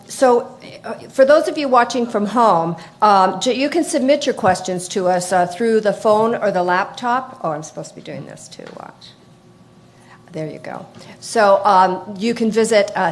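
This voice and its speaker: A woman in her sixties moderating a conference panel, speaking haltingly with many fillers. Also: medium pitch.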